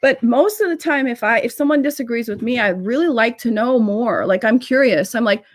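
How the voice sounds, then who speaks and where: Chatty woman business coach, quick asides. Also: on the high side. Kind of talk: casual live-stream chat.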